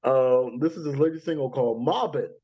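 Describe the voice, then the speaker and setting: A man's voice: mid-range voice, fairly quick, husky, highs cut off. A man hosting a music countdown podcast in a casual, chatty way. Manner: chatty, with frequent fillers and laughs. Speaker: podcast host. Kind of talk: casual countdown show chat.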